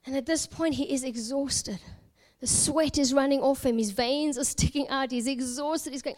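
Woman from south africa preaching, high voice, dramatic storytelling, goes hushed sometimes. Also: normal speed, hardly any pauses. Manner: expressive, dramatic storytelling with hushed whispered moments. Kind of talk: sermon storytelling.

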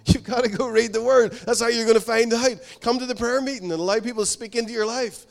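A male pastor preaching a sermon in an earnest, conversational way, telling a story and repeating his points. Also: high voice. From outside America.

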